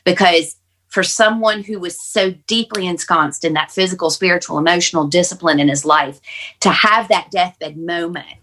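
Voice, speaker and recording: Female podcast guest, lower register, earnest reflective storyteller. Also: normal speed, fairly bright tone, a little hiss or hum. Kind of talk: personal storytelling on a panel podcast.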